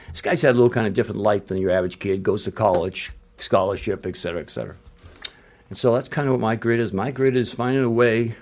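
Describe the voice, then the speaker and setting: An older man, a retired basketball coach, telling stories in a casual interview, blunt and rambling, with frequent restarts and salty language. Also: on the low side.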